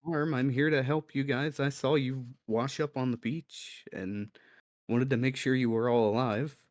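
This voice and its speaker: A meek, frightened little frogman who stammers, as a man puts him on. He has the voice of a timid tabletop-game creature, soft and pleading. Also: mid-range voice, fairly even intonation, measured pace, dry recording, clean studio sound, natural voice. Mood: reassuring.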